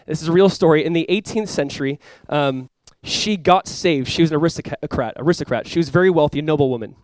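Young male pastor, high voice, casual and animated sermon delivery, dry close recording. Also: quick pace, no room sound. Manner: animated, with sudden loud bursts and quiet asides; casual, conversational preaching with fillers and restarts. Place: church.

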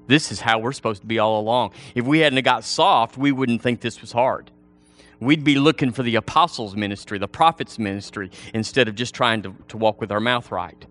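A man preaching a sermon, folksy and animated, slipping into playful voices for the people he mimics. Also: medium pitch, moderate pace, soft background music.

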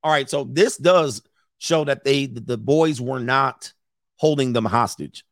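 A man hosting a live commentary, reading messages aloud and reacting to an audience in the room with blunt, profane, animated asides. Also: mid-range voice, measured pace, no room sound, studio quality. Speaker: commentary host.

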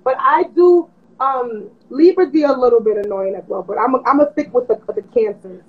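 High-voiced woman moderating, lo-fi sound. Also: fairly quick, breathy edge. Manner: moderating, asks questions. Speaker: co-host leading the segment. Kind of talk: casual chat. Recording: dull lo-fi sound.

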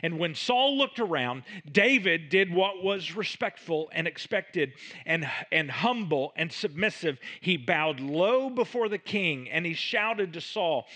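A male pastor delivering a sermon, reading scripture and voicing its speakers with dramatic shifts in loudness. His pitch moves a great deal and sits a little high for a man. He speaks slowly, with a bright, forward tone. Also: lively intonation. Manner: reads scripture aloud with dramatic swings in volume and pitch.

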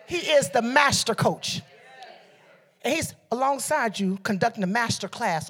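A woman from Detroit preaching a sermon with call-and-response, swinging from soft teaching to shouted exhortation. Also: on the high side, expressive, a little slow, slightly rough. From Detroit, USA. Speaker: preacher and beauty coach. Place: church service.

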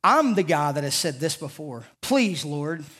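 A pastor from the American South, his voice on the high side, husky and sing-song, preaches an impassioned sermon without hurrying. Before a congregation in the church sanctuary, he shifts between loud declarations and hushed lines in his Southern accent.

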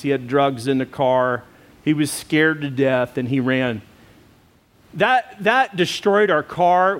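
Middle-aged pastor, slightly high voice, animated sermon storyteller. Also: male voice.

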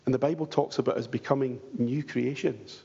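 A man's voice: medium pitch, fairly even intonation, fairly quick, gravelly, mellow, breathy edge. A man preaching a sermon in church, earnest and pleading, asking the congregation rhetorical questions. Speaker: pastor. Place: church hall. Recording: dull lo-fi church hall recording with long reverb.

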